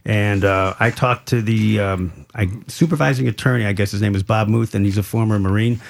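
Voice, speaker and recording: A man co-hosts a talk radio show from the studio. His voice sits a little low, and his talk is loose and chatty, full of ums and restarts. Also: brisk, gravelly. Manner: chatty, many fillers and restarts. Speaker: radio co-host and producer. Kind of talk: casual talk radio chat.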